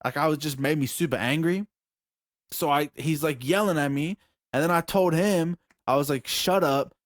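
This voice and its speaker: A young man co-hosting a podcast, telling a story in animated, swear-heavy casual chat with sudden shouts and laughs. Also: on the high side, moderate pace, dry recording, studio quality. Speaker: podcast co-host.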